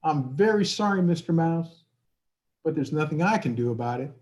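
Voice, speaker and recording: A man's voice: on the high side, expressive, normal speed, darkish tone, voice pushed up, natural voice. A man voicing a sympathetic but unhelpful farm pig in a told story, in a raised, polite voice. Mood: apologetic. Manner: polite, apologetic.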